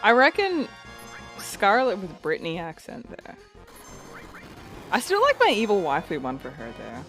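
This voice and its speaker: A woman's voice: mid-range voice, huge pitch swings, measured pace, pauses often, a bit bright, faint music behind. A young woman chatting casually to her live-stream viewers while playing a game, reading chat aloud and laughing often. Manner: giggly, reads chat aloud, playful.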